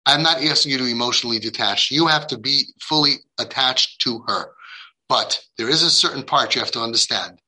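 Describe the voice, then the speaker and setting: A man's voice: mid-range voice, a little fast, bright, forceful tone, husky, rough recording. A man giving a heartfelt lecture to parents, speaking emphatically, acting out the dialogue he quotes, and dropping in Hebrew and Yiddish religious terms. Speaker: parenting guide addressing parents.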